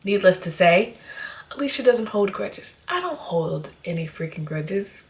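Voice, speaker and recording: Animated, blunt young woman telling a story. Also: medium pitch, measured pace. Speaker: beauty YouTuber. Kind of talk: storytime vlog.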